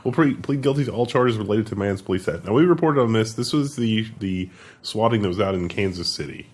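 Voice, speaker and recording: A man's voice: fairly low pitch, lively intonation, brisk. Wry, laughing man co-hosting a news chat. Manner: wry, laughing often, sarcastic asides. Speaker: co-host.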